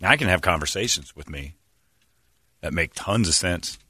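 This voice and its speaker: A man with a very deep voice that still has a bright, forceful edge, chatting casually with his co-hosts. He rambles and laughs at himself, filling gaps with "uh" and "like". The sound is dry and close. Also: expressive, moderate pace, husky, no room sound. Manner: rambling and self-mocking, many fillers. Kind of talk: casual group chat.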